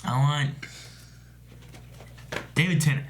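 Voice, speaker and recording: A man's voice: on the high side, slow, slight background noise. Easygoing man who laughs a lot. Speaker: co-host reading viewer questions. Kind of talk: casual chat.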